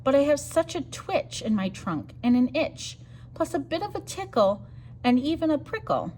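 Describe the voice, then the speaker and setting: A woman's voice: sits high, very animated, normal speed, mellow, slight background noise, pitched above the performer's own voice. A woman voicing a big apologetic male elephant in a storybook, pleading in rhyme. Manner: pleading, rhyming storybook speech.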